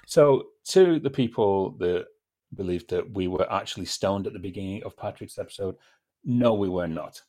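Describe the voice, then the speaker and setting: A man from Britain with a fairly low voice opens a podcast episode in a wry, easygoing manner. He chats casually with his co-host about films. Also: expressive, normal speed, warm tone. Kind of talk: casual film podcast chat.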